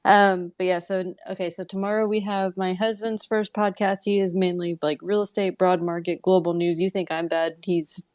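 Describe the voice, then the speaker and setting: A woman hosting a casual live audio show. Her voice sits low for a woman, and the sound is dry and close. She rambles along chattily, laughing at herself as she goes. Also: level tone, normal speed, few pauses, a little mellow, no room sound. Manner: chatty, rambling, self-deprecating. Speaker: podcast host.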